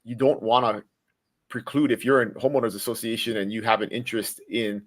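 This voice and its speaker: A man on a real estate panel, explaining how insurance affects condo lending in a measured way. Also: mid-range voice, steady tone. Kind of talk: explanatory discussion.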